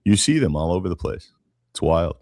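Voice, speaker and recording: A man's voice: low-pitched, big pitch swings, a little fast, a little mellow, no echo, studio quality. A man from Canada co-hosting a casual political podcast, talking bluntly and swearing freely, often restarting his sentences. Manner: blunt, profane, repeats words when starting. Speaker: podcast co-host.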